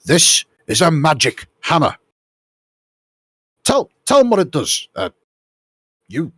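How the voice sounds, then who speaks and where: A man voicing a brash, bossy male master engineer who barks orders in a raised, higher voice. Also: big pitch swings, fast talker, slightly rough, no echo, clean studio sound, heavily acted. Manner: barking orders, shouting.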